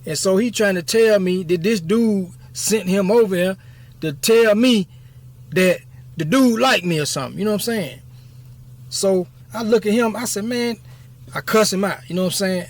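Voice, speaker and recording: A man's voice: high voice, normal speed. A man in his fifties telling a story from his past in a casual, rambling way, often checking in with "you know what I'm saying". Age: 50s. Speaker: YouTube storyteller.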